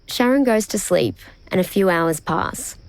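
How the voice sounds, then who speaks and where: An Australian woman journalist narrating a true-crime podcast in a measured, deliberate scripted style. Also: medium pitch, expressive, creaky, slight background noise, rough recording. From Brisbane, Australia. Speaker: investigative journalist and podcast host.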